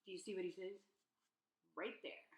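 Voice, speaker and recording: A teacher reading a children's picture book aloud to her students, gentle and asking them questions. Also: fairly low pitch, fairly even intonation, normal speed. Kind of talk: children's storybook read-aloud. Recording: echoey room.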